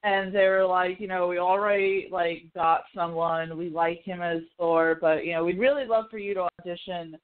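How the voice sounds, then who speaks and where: A woman's voice: fairly low pitch, steady tone, normal speed, few pauses, smooth. A woman hosting a podcast, chatting casually about films, swearing freely and acting out quotes. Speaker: podcast host. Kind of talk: casual pop-culture chat. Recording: tinny phone-like call audio.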